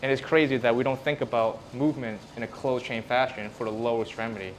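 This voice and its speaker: A man's voice: mid-range voice, steady tone, fast, a little hiss or hum. A man, a physical therapist, presenting casually to a live audience in a room and acting out examples as he explains. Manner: casual, conversational, acts out examples.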